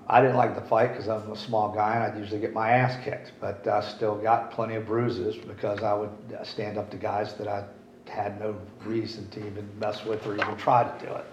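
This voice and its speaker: A middle-aged man speaking at a recovery meeting, candid and rambling, swearing casually. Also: lowish voice. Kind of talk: recovery share talk. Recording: roomy, dull, faint hiss.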